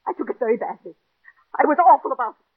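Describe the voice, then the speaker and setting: A distraught, jealous wife. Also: female voice, sits high, lively intonation, fast, husky. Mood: confessing. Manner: pleading, overwrought, breathless. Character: distraught jealous middle-aged wife, neurotic. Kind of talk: 1940s radio acting. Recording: tinny old radio broadcast.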